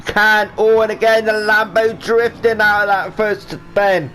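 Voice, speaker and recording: High-voiced man calling a sim race. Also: level tone, measured pace, pushed and bright. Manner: rambling, jokey, does silly voices for drivers. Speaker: race commentator and driver. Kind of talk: excited live sim-racing commentary.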